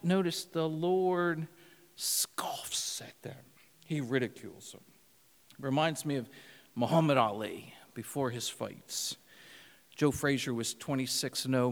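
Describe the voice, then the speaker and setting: A man's voice: mid-range voice, expressive, normal speed. A man preaching a sermon, telling stories with laughter and mimicked voices. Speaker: pastor. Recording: long hall reverb.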